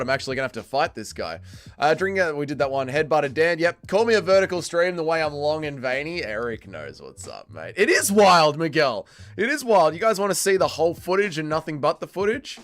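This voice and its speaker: A young Australian man hosting a livestream in casual chat, energetic and slangy, greeting viewers and calling everyone mate. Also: fairly high pitch. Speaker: livestream host.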